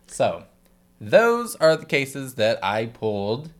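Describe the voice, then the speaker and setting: A man's voice: medium pitch, big pitch swings, slow. Man, podcast co-host, casual chat, hesitant, lots of restarts. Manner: hesitant, full of fillers and restarts.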